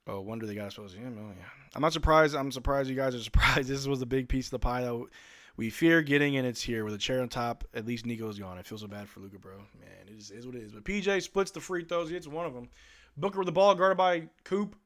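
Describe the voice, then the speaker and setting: A man's voice: mid-range voice, quick pace, fairly bright tone. A male live-stream host giving casual fan play-by-play commentary in a blunt, exasperated, slangy way.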